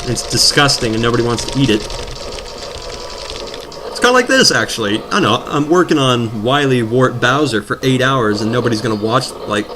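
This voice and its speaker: A man rambling and joking as he commentates his own gameplay, drifting from topic to topic. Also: mid-range voice. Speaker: let's play commentator. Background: video game music.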